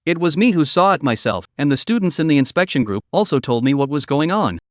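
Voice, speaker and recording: A strict class president, voiced by a male narrator, who lectures his classmate firmly. The voice is fairly high and moves a lot, and the recording is dry and close. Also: big pitch swings, quick pace, dry recording. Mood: stern. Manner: firm, lecturing.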